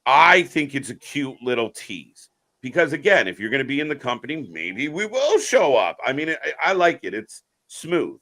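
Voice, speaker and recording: A man co-hosting a live wrestling stream in an easygoing, casual chat. His voice is bright and forceful, and he gets excitable, swears freely and greets viewers in the chat as they arrive. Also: mid-range voice, moderate pace.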